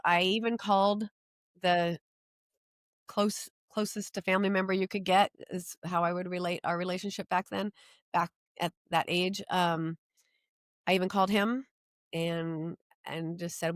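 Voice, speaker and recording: A woman's voice: fairly low pitch, steady tone, normal speed, dry recording, studio quality. An older woman, a podcast guest, telling her story in an earnest way that tumbles along with many restarts. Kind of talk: personal storytelling in an interview.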